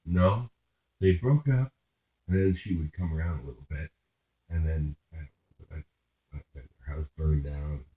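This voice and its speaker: A deep-voiced man rambles through a crude, winding story, swearing freely and stumbling over his own restarts. He sounds like he's in an echoey room, and the audio comes through thin and phone-like. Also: a little slow, pauses often. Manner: profane, meandering, restarts mid-sentence.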